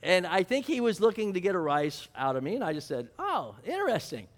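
High-voiced pastor preaching conversationally. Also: male voice, sing-song, a little fast. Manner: asks rhetorical questions and answers them; storytelling, chuckling, self-deprecating. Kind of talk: conversational sermon.

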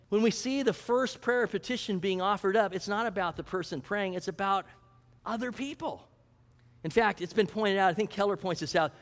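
A male pastor with a high voice delivers a sermon, putting questions to his congregation. The sound carries a long reverb, like a church hall. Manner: teaching, asks the congregation questions.

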